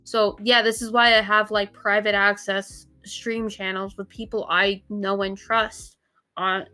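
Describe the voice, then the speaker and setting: A woman's voice: mid-range voice, little pitch movement, measured pace, bright, forceful tone, faint music behind. A young woman, a VTuber guest, chatting casually and rambling with frequent laughs. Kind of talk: casual chat.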